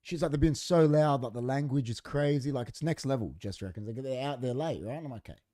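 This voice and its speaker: A man's voice: mid-range voice, quick pace. A man, a podcast co-host telling a story in casual chat in a studio, acting out what people said. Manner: animated, acts out quoted dialogue.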